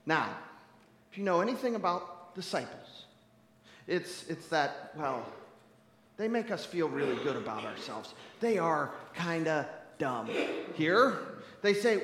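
A man preaching a sermon as pastor, conversational and wry, shifting between humor and hushed grief. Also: fairly high pitch, animated, a little slow, reverberant, in a large hall.

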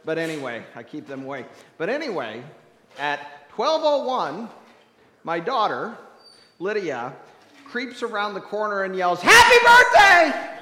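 A man preaching a sermon as pastor, playful and animated, with asides to the congregation. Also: high voice, measured pace, slight background noise. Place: church sanctuary. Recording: echoey church hall.

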